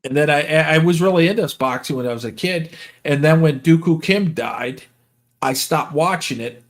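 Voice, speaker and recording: A man's voice: fairly high pitch, normal speed. An older man chatting casually, rambling through stories and acting out what people said. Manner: rambling, lists names, acts out quotes. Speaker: podcast host. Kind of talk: casual storytelling chat.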